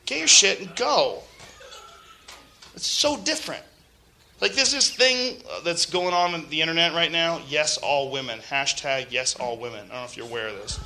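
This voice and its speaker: A man's voice: on the high side, a little fast, sharp tone, slight background noise. A man hosting a podcast in a casual, profane comedic rant, laughing and mocking other people's voices. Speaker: podcast host.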